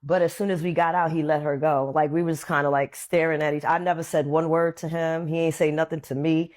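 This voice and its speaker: A woman's voice: sits low, brisk. A woman being interviewed, telling a long casual story and acting out what people said in other voices. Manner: animated, acts out quotes in other voices. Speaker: interview guest.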